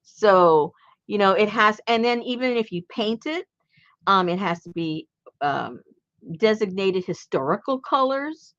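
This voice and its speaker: Middle-aged woman, casual craft host, chatty and laughing, pitch jumps all over, dull lo-fi sound. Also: lively intonation, a little slow, fairly bright tone, dry recording. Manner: chatty, laughs often, many ums and trailing restarts. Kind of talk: casual chat.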